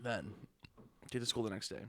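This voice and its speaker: A man's voice: lowish voice, moderate pace, a little hiss or hum. A young man co-hosting a podcast, chatting casually with teasing jabs and telling his own story. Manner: teasing interjections. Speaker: podcast co-host.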